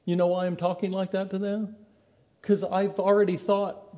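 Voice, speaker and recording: A man delivers a sermon in an easy, conversational manner, slipping into the voices of people he quotes. His voice sits a little high for a man, with a mellow, soft-edged tone. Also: level tone, moderate pace. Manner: conversational, acts out quoted speech. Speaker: preacher.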